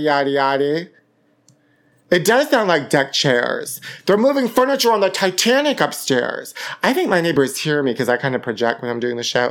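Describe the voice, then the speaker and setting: A man hosts a campy gossip podcast from his home apartment, theatrical and calling his listeners honey. His fairly high, fairly bright voice comes through a podcast microphone.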